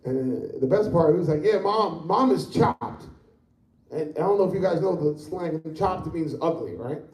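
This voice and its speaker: A man's voice: a little high, animated, normal speed, warm tone, reverberant, far from the mic. A fifty-year-old man doing a rambling, profane stand-up set in a comedy club. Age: 50s.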